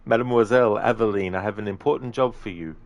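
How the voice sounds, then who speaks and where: A man's voice: lowish voice, normal speed, dry recording, lightly acted. A man voicing a scheming male quest-giver in a theatrical put-on European accent.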